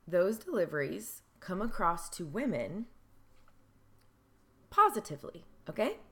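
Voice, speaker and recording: A young woman vlogging to camera in a casual, earnest way, mixing emphatic bursts with slow, careful phrasing and the odd swear. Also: lowish voice, big pitch swings, bright, forceful tone.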